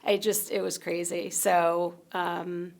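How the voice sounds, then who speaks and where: A middle-aged woman from Long Island, a genealogist being interviewed in a TV studio, telling stories in a chatty, animated way with plenty of fillers. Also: fairly low pitch, slow pace, gravelly. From Long Island, New York. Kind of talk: casual conversational interview. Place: TV news studio.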